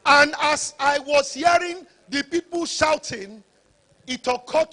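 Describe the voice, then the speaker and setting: A man giving a motivational conference talk, preacher-like and rising to shouts for emphasis. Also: very high voice, slow. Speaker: conference speaker.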